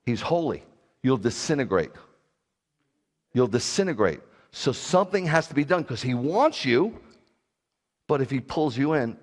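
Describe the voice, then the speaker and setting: A man's voice: medium pitch, big-room sound. A middle-aged man preaching a sermon as a rabbi, talking animatedly and putting direct questions to his congregation. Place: congregation hall.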